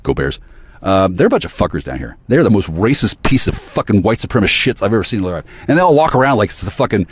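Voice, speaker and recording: A man in a rambling solo monologue, ranting with heavy profanity and swinging between low muttering and sudden outbursts. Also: very animated, quick pace, husky.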